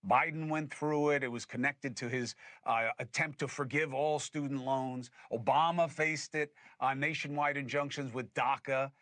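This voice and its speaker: A man's voice: medium pitch, fairly even intonation, moderate pace, few pauses, a bit bright, dry recording. A man hosting a political commentary show, arguing his points emphatically and putting things in plain terms. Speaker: host.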